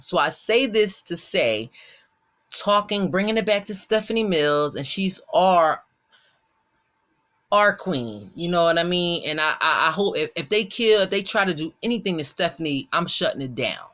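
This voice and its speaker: A man's voice: high voice, animated, normal speed, bright, forceful tone. A middle-aged man from the Philadelphia area, chatting casually and earnestly while eating, rambling through a story with asides. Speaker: mukbang vlogger.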